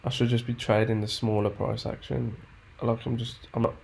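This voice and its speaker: Gravelly man muttering, swearing. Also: mid-range voice, flat delivery, normal speed, a little mellow, a little hiss or hum. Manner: frustrated, swears often, thinks aloud. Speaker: trader backtesting charts. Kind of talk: muttering commentary to himself.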